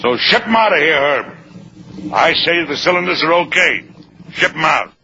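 A man's voice: on the high side, big pitch swings, normal speed, sharp tone, breathy edge, exaggerated voice. An actor playing a defensive older factory owner and father, pleading and self-justifying in a 1940s film drama. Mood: stubborn. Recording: dull old film soundtrack with faint hiss.

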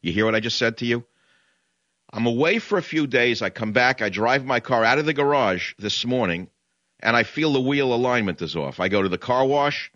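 A man's voice: mid-range voice, lively intonation, brisk, fairly bright tone, dry recording, lo-fi sound. A man hosting a talk radio show, ranting in a combative, sarcastic monologue.

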